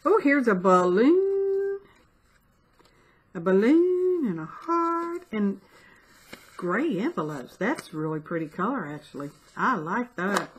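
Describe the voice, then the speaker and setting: A woman's voice: medium pitch, big pitch swings, slow pace, slight background noise. A middle-aged woman in a casual, chatty craft vlog, gushing with delight as she opens mail. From United States. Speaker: craft vlogger. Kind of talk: casual unboxing chat.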